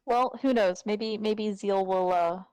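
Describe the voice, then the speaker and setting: A woman's voice: mid-range voice, takes it slowly, a little mellow, smooth, dry recording, low-quality recording. Hesitant woman player, dry sound. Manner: hesitant, many fillers.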